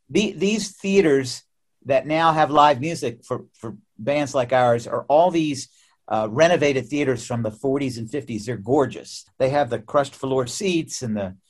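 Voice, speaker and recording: Chatty American man telling stories. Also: medium pitch. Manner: animated, repeats words as he restarts, laughs often. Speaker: musician guest. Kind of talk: casual interview storytelling.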